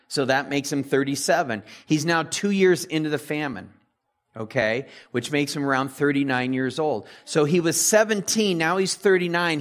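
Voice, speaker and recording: A man teaching a Bible passage in a relaxed, conversational way, paraphrasing the characters in everyday speech and reading verses aloud. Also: a little high. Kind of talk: casual sermon retelling scripture.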